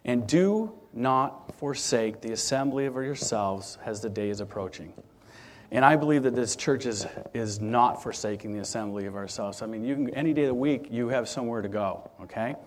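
Man, mid-pitched, casual pulpit storyteller who rambles and restarts; sermon testimony. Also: normal speed. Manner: conversational storyteller, frequent restarts and fillers. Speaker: church speaker.

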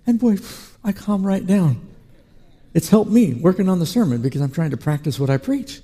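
A man preaching a sermon as pastor, telling lively stories and acting out the people he quotes. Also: high-pitched, normal speed. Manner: animated storytelling preacher who acts out quotes.

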